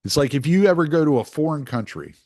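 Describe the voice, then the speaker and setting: Podcast host, American man, loose rambling monologue, animated pitch, opinionated delivery. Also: fast. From United States. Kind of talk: casual monologue.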